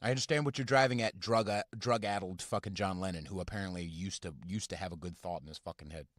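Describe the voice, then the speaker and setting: A man hosting a podcast from inside his car, ranting casually and profanely in a halting, rambling way full of fillers. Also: low voice, a bit bright, no room sound, clean studio sound. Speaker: podcast host. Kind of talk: casual rant.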